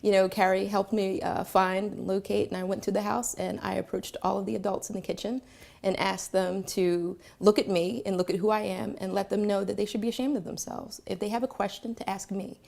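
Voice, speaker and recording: Philadelphia woman with a gravelly voice. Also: medium pitch, little pitch movement, a little mellow. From Philadelphia, Pennsylvania. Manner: reflective, halting with many fillers. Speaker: storyteller. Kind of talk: personal storytelling.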